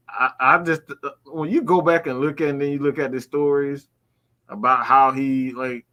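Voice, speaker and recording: A man's voice: medium pitch, steady tone, a little slow, bright, forceful tone. A man co-hosting a live stream, rambling in casual chat with lots of fillers. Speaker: podcast co-host.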